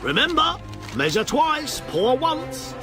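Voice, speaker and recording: A jovial eccentric alchemist talks in a high, sing-song voice. He is boisterous and cheerful, and game music sits behind him. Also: very animated, takes it slowly, full character voice. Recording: game dialogue over music.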